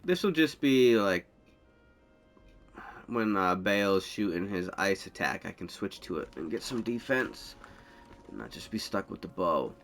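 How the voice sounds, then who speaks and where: A man's voice: low-pitched, big pitch swings, a little slow, fairly bright tone, soft background music. A man giving casual gameplay commentary, rambling and thinking aloud as he plays. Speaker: gameplay streamer.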